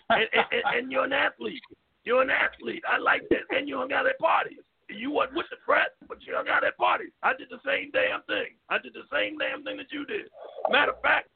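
Brash, high-voiced older man on a phone line. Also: gravelly. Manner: brash, boastful tall-tale storytelling with profanity. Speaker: co-host. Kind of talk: boisterous casual chat. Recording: phone-like call audio.

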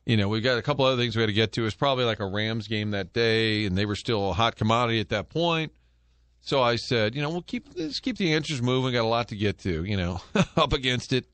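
A middle-aged man hosting sports talk radio from a studio, telling animated stories with quick jokes. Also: mid-range voice, dry recording. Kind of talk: casual sports talk banter. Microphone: studio microphone.

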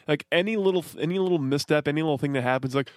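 A man co-hosting a podcast in casual chat, rambling and animated, swearing often. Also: on the high side, very fast. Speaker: podcast co-host.

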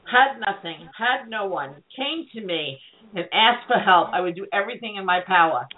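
A woman's voice: medium pitch, normal speed. Candid woman host on a tinny phone line. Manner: candid, animated storytelling. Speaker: radio show host. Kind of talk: casual chat.

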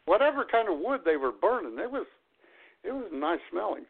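A man's voice: sits high, big pitch swings, a little fast, vocal fry, breathy edge. A man hosting a radio show, telling a rambling, crude, joking story in casual chat. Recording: tinny phone-like audio.

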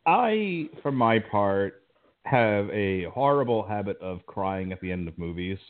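A man's voice: fairly low pitch, very animated, a little slow. A middle-aged man hosting a podcast in casual chat, talking in a rambling way with lots of restarts. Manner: stumbling, rambling storyteller with many restarts. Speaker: podcast host. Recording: tinny phone-like line.

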